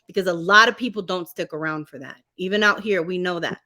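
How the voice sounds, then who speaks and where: A woman co-hosting a podcast in casual chat, talking emphatically and getting animated when she mimics other people. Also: on the low side, quick pace. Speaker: podcast co-host.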